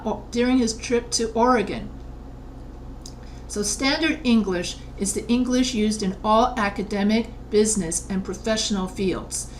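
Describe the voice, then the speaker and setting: A middle-aged woman from New York lecturing on writing in a video lesson, with a voice of ordinary pitch for a woman. She talks in a loose, conversational way, reading out textbook examples and then explaining them plainly. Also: slight background noise. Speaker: writing teacher.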